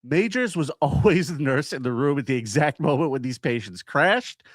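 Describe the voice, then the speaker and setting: In casual banter, this podcast co-host relays a true-crime story, animatedly voicing quotes with large pitch leaps. He talks at normal speed, recorded dry with clean studio sound.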